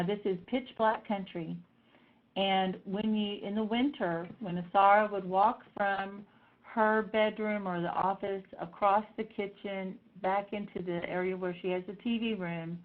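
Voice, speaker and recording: Woman telling stories over a tinny line. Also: medium pitch. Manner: animated, acts out voices in quotes. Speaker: speaker telling personal stories. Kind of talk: personal storytelling talk. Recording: tinny phone-like sound.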